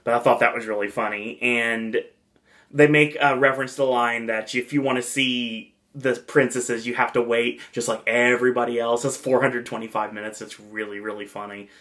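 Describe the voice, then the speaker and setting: A man's voice: mid-range voice, fairly even intonation, normal speed, fairly bright tone. A man hosting a casual podcast review, talking in a rambling, enthusiastic way with lots of fillers. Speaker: podcast host reviewing a theme park event.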